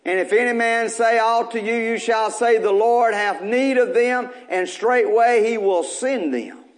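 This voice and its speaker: A male pastor with a very high voice preaches at a church service. He reads scripture and then works through it with the congregation, and he climbs into shouts when the message peaks. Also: unhurried. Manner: builds to shouting at high points. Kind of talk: sermon.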